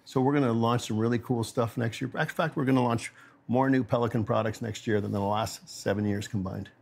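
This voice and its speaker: A man who runs a company, talking as a podcast guest in a lively, storytelling way. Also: medium pitch, a little fast, vocal fry. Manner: energetic storyteller, acts out quoted dialogue. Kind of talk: casual interview storytelling.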